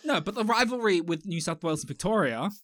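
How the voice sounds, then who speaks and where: A man's voice: high voice, animated, fast talker, a bit bright, dry recording, studio quality. A young man with an Australian accent, chatting casually as a podcast co-host, rambling and swearing with jokes. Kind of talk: casual chat.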